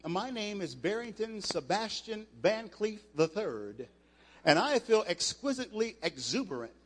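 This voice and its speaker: A man voicing a pompous, posh aristocratic gentleman who speaks slowly and with haughty refinement, in an echoey hall. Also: sits high, big pitch swings, full character voice. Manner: slow, haughty, overly refined.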